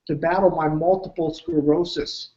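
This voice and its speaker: A man's voice: fairly high pitch, level tone, normal speed, dark tone, echoey room, highs cut off, natural voice. A man voicing a blunt, skeptical woman nursing director in his own everyday voice while telling a story. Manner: blunt, defiant.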